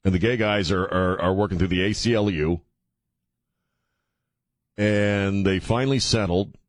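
A man's voice: low voice, no echo, studio quality. An older man hosting a talk radio show, joking about himself and then telling a news story with many fillers. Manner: joking and self-mocking, halting with many fillers when reading stories. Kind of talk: casual talk radio banter and news commentary. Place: radio studio. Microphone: studio microphone.

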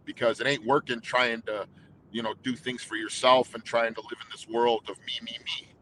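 A man's voice: mid-range voice, flat delivery, moderate pace, bright, forceful tone, slight background noise, rough recording. A man, a singer being interviewed, talking openly and emotionally in rambling sentences with many restarts. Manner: emotional, rambling with restarts and quoted inner dialogue. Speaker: guest, anthem singer. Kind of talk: candid interview storytelling.

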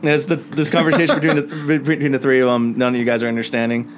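A man's voice: mid-range voice, little pitch movement, a crowd in the background. Man running a tabletop game. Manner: loose, halting narration with fillers and restarts. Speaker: game master.

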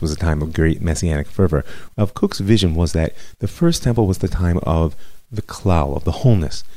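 A man teaching Jewish history as a rabbi, telling it in a measured, reflective way. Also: low-pitched, warm tone, dry recording. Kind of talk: lecture storytelling.

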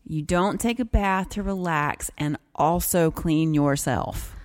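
A woman's voice: sits low, takes it slowly, darkish tone. A woman co-hosting a casual podcast, talking frankly and bluntly and laughing easily. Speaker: podcast co-host. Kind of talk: casual chat.

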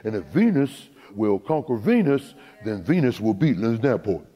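A man putting on a gruff, blunt father who drawls and repeats himself flatly. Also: fairly low pitch, moderate pace, lo-fi sound, faint music behind. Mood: blunt, insistent. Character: gruff blunt middle-aged father of a tennis star. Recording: long hall reverb.

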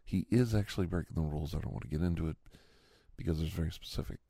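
A man's voice: sits low, rapid-fire, warm tone, slightly rough, dry recording, clean studio sound. A middle-aged man telling a story in a casual, indignant, rambling way, full of restarts. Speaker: storyteller in a role-play.

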